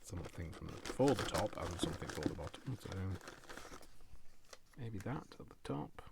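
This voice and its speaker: A man's voice: lowish voice, animated, moderate pace, creaky, heavy background noise. A middle-aged man from Coventry, chatting playfully to himself while crafting. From England (Coventry). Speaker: craft vlogger. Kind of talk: casual chat while crafting.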